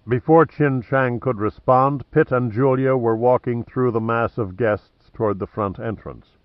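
A man narrating an audiobook in a measured, even way. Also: mid-range voice, dry recording, lo-fi sound. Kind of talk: scripted narration.

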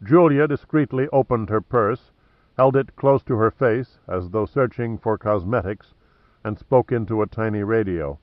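A man narrating an audiobook in a measured, even way. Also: on the low side, dry recording, highs cut off. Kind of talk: scripted narration.

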